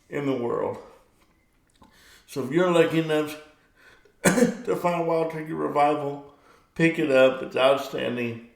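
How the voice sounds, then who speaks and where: A man's voice: medium pitch, vocal fry, echoey room. A middle-aged man hosting his own video show, chatting casually and rambling, and he gets worked up when talking sports. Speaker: vlog host. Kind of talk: casual monologue to camera.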